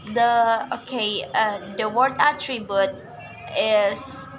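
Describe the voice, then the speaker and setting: Slow halting woman reading a word list. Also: on the high side, background noise. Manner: halting, with many fillers, repeats and self-corrections. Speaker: English learner presenting stress rules. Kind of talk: reading out an English lesson.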